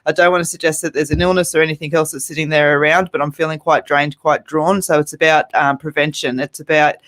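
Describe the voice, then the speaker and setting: A woman co-hosting a radio show, giving a psychic reading as gentle advice with fillers. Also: low voice, flat delivery, quick pace.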